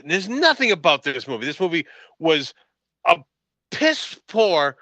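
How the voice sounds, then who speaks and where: A man's voice: high-pitched, pushed and bright, no echo, poor audio. A man co-hosting a casual movie podcast, ranting in exasperation with lots of stammered restarts. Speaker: podcast co-host. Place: room at home, late evening.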